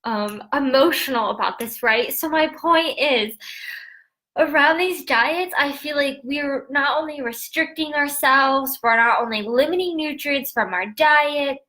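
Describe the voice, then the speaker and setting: A woman's voice: high-pitched, unhurried, pushed and bright. A young adult woman dietitian talking casually to a phone camera, emotional and laughing often, with many fillers and asides.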